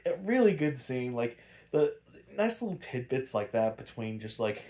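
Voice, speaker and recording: A man's voice: medium pitch, very animated, normal speed, dark tone. A man hosting a podcast, casually recapping an episode in a rambling way with lots of fillers and easy swearing. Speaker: podcast host.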